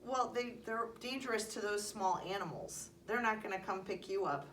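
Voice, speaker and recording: A woman's voice: mid-range voice, expressive, normal speed, fairly bright tone. A woman teaching young children, patient and encouraging, asking questions and calling on them by name. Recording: distant mic, faint background noise.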